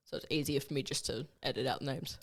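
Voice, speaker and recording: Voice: medium pitch, steady tone, quick pace, fairly bright tone. Sweary podcast host. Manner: blunt, sweary, rambling. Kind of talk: casual podcast chat.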